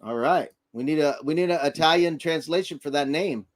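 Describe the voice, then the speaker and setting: Middle-aged man, slightly high voice, casual stream chat, lively storytelling. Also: fairly quick, a loud crowd. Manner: animated storyteller who acts out voices. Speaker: livestream co-host.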